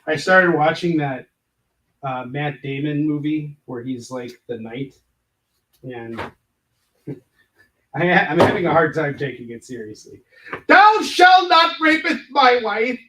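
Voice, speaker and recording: A comic artist rambles and jokes with livestream viewers between tasks while prepping his convention stock and packing books in an indoor room. His mid-range voice is a bit bright and measured, with frequent pauses, and he's far from the mic.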